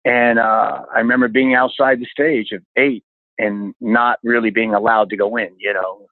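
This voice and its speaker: Lively older man on a tinny line. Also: medium pitch, moderate pace, no echo. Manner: animated anecdotes, exclaims often. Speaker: stunt coordinator guest. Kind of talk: storytelling interview chat. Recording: dry, tinny phone-like line.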